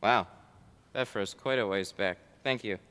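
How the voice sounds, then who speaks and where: A man's voice: on the low side, measured pace, a bit bright, clear, resonant tone, in a large hall. A man working as a window tinter, chatting casually on a livestream while he works and answers viewer chat. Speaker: window tinter streaming live. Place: car tint shop.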